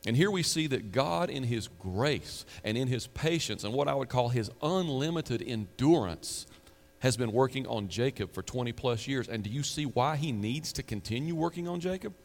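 A man's voice: mid-range voice, lively intonation, normal speed. Middle-aged man preaching a sermon in a reverberant hall. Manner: conversational preaching with rhetorical questions and asides. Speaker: pastor.

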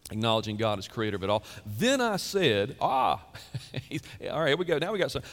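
Pastor in his fifties preaching in a hall. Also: fairly high pitch. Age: 50s. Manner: conversational storytelling, animated, quick asides. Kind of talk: sermon.

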